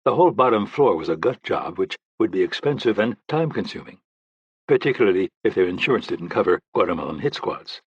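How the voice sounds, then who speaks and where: Reading a thriller for an audiobook, this male narrator keeps a brisk, even delivery. His husky, low voice is captured up close in a dry, echo-free recording that sounds a little dull.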